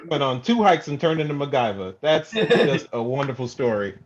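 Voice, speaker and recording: A man's voice: medium pitch, moderate pace, highs cut off. A man hosting an online comedy show, introducing comedians with upbeat cheering. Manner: upbeat, cheering, lively emcee. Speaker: show host.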